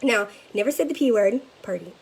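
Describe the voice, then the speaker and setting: A woman leading a sales team, giving an energetic motivational talk to camera and often checking in with a quick "okay?". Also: mid-range voice, gravelly, slightly rough, rough recording. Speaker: direct-sales team leader.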